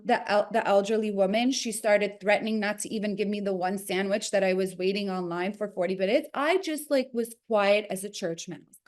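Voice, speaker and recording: A woman in her forties with a New Jersey accent, an interview guest telling a story with expressive quoted voices. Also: medium pitch. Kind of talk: animated storytelling.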